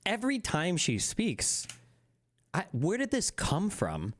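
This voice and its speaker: A man's voice: sits high, huge pitch swings, takes it slowly, a bit bright, reverberant. A man streaming and reacting to clips, talking casually in a rambling, hedging way and swearing now and then. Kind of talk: casual live-stream commentary.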